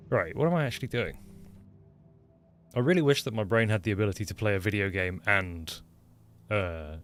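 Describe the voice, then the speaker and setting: An English man with a mixed, mostly Lincolnshire accent, chatting loosely as he streams a game, full of ums and restarts. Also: lowish voice. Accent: mixed English, mainly Lincolnshire. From England. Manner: rambling, self-deprecating, frequent ums and restarts. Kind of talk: casual livestream chat while playing. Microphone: desktop microphone.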